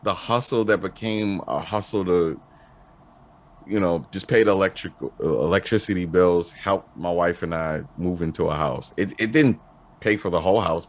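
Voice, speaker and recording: A man talking as an interview guest in casual chat, laid-back and halting, swearing casually. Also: low-pitched. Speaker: interview guest, clothing designer.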